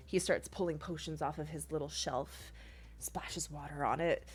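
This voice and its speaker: A woman's voice: deep voice, fairly even intonation, moderate pace. A woman narrating as game master in a casual, rambling way. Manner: casual, rambling, filler-heavy.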